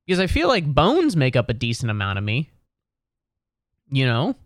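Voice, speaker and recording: Seated in a chair at home, a young solo vlogger muses aloud in a meandering, wry comedic monologue, constantly restarting and correcting himself. His medium-pitched voice swoops wildly in pitch at a moderate pace, captured with clean studio sound and no echo.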